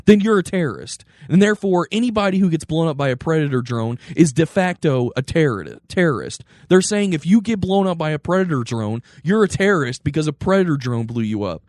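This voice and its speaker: A man co-hosting a podcast, ranting in animated casual political chat and mocking others with quick impressions. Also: fairly high pitch, no room sound, clean studio sound. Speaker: podcast co-host.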